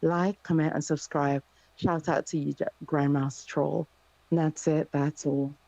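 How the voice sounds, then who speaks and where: A woman's voice: sits low, level tone, a little slow, creaky, warm tone, dry recording, rough recording. A woman taunting and mocking someone over and over in a heated insult exchange on a live stream.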